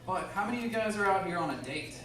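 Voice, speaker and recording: Self-deprecating male comic, slightly high. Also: expressive, racing. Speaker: stand-up comedian. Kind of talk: stand-up comedy set. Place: comedy club. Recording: echoey club from far off, loud crowd.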